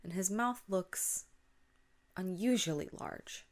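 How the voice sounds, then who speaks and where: A woman's voice: on the low side, slow pace. A woman hosting a podcast, casually retelling a spooky story and dropping to a whisper at tense moments. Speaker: podcast host.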